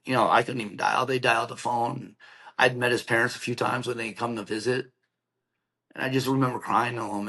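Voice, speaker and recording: A man's voice: mid-range voice, a bit bright. A middle-aged man, a podcast guest, telling an emotional personal story in a plainspoken, earnest way, acting out the voices of the people in it. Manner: acts out quoted dialogue, earnest and plainspoken.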